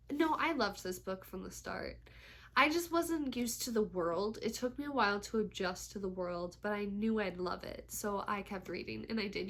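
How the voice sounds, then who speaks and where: A young woman chatting casually at home in a book vlog, gushing, swearing freely and laughing often. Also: fairly high pitch. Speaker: book vlogger. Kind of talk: casual reading vlog chat.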